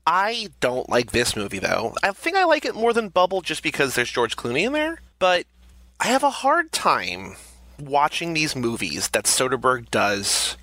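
A man's voice: on the high side, normal speed. A man co-hosting a film podcast, talking casually and correcting himself as he goes. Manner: animated, self-correcting. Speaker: podcast co-host.

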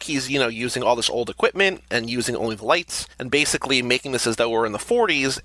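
A man's voice: medium pitch, no room sound. A man co-hosting a film podcast, talking casually and correcting himself as he goes. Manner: animated, self-correcting. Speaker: podcast co-host.

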